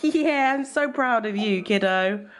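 A woman's voice: medium pitch, expressive, measured pace, soft background music. A young English woman vlogging at home, encouraging her baby with sing-song baby talk and chatting to the camera. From Cheshire, England. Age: young adult. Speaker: vlogger and mother. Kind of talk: casual home vlog. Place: home living room.

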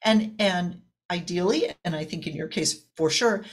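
Reflective woman host, slightly low voice. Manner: reflective and affirming, building her points slowly. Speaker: interview host. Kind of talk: casual video-call interview.

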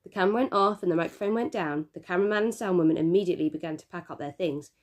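A woman teacher reads a children's novel aloud with steady, expressive storytelling. Her voice sits a little low for a woman. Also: rapid-fire.

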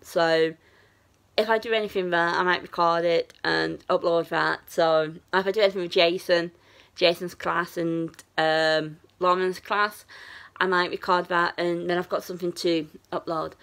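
A woman's voice: lowish voice, fairly even intonation, moderate pace, gravelly, fairly bright tone. A young woman, telling a story in a casual, chatty way with plenty of fillers and restarts. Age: young adult. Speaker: vlogger.

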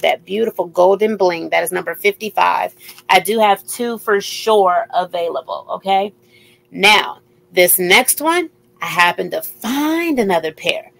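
A woman's voice: medium pitch, creaky, poor audio. A woman hosting a live jewelry sale, chatting casually and repeating item numbers as she shows each piece. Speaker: live-stream jewelry seller. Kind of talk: casual live sales chat.

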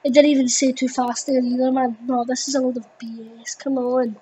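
A teenage girl, commenting on her gameplay in an excitable, rambling way with lots of fillers. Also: high-pitched, a little fast, husky, rough recording. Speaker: gaming video host.

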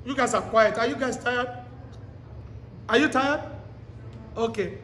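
A man preaching a sermon to a live congregation, pleading and exhorting with shouted, repeated commands and quizzing the listeners directly. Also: extremely high pitch, animated, a little slow, long pauses. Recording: echoey hall with long reverb.

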